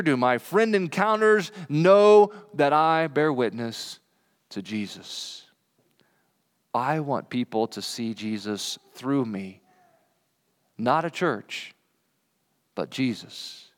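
Male pastor, earnest sermon, frequent chuckles, climbs in pitch when fired up, long church reverb. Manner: earnest, chuckles often, voice rises when stirred. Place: church sanctuary.

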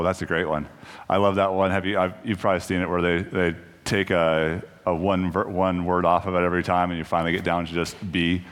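A man giving a casual, conversational sermon in a church, joking at his own expense and restarting his sentences often. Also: deep voice. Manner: conversational, self-deprecating, many restarts. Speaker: preacher. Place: church sanctuary. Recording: long church reverb.

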